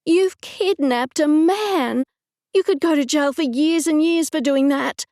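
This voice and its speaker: A woman's voice: sits high, expressive, unhurried, a little mellow, no echo, clean studio sound, pitched above the performer's own voice. A woman narrator voicing the young heroine, agitated and protesting in an audiobook. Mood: horrified.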